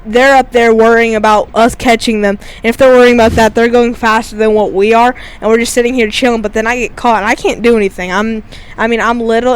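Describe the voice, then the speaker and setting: In a very high voice, a teenage amateur bike racer rambles chattily over his own race video, his vlog commentary packed with "like." Slight background noise can be heard.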